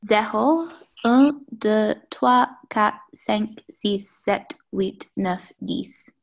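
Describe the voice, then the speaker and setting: A woman's voice: medium pitch, extremely slow, gravelly, poor audio. A woman student carefully counting aloud in a language class.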